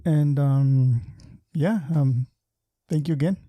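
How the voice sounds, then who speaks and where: A man hosting a casual community podcast over a video call, chatty and relaxed with many fillers and restarts. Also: a little high, slow pace, dry recording. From Southern California. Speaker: podcast host. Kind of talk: casual interview chat.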